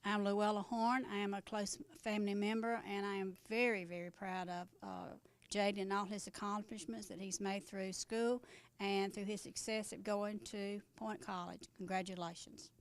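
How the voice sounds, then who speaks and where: Slow, steady-voiced woman giving a tribute. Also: medium pitch. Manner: slow, deliberate. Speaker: family member giving a tribute. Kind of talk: short spoken tribute.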